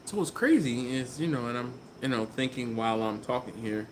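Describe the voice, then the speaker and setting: A man's voice: medium pitch, expressive, fairly quick, noisy background. A man hosting a casual live stream from a garage, chatting loosely, laughing often and reading viewer comments aloud. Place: warm garage beside a running smoker. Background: fan running.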